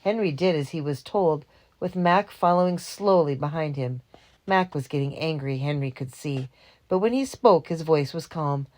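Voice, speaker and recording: A woman narrating a children's storybook in a steady, even reading voice. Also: low-pitched, moderate pace. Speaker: audiobook reader.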